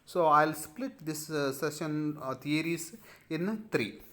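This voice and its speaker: A man with an Indian English accent giving a recorded lecture to students, pausing often with fillers and reading points aloud before explaining them. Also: fairly high pitch, fairly bright tone. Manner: halting, many filler pauses; reads slide text aloud, then explains. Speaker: teacher.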